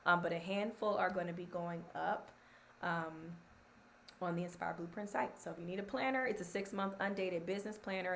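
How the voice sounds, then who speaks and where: A woman's voice: fairly low pitch, gravelly, slight background noise. A woman hosting a casual live stream, chatty and encouraging. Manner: chatty, filler-heavy, encouraging. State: scratchy voice from allergies.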